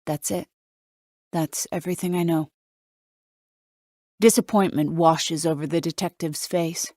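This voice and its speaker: A woman narrating a thriller audiobook in first person, with a wry, measured delivery. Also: deep voice, fairly even intonation, warm tone, dry recording, clean studio sound.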